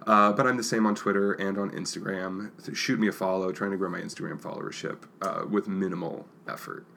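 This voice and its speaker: Very deep-voiced, hesitant male podcast guest. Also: steady tone, fairly quick, gravelly, bright, forceful tone, a little hiss or hum. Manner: hesitant, self-deprecating, filler-heavy. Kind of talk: casual chat.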